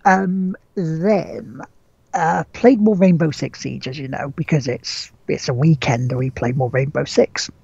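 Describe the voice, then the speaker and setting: A man talks loosely about his week of gaming, restarting sentences and swearing offhandedly. His voice has a husky, breathy edge. The recording is muffled and lo-fi, with a dry, close sound. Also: on the high side, measured pace, darkish tone, dry recording. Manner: rambling, swears casually, frequent restarts and chuckles. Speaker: podcast host. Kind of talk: casual gaming chat.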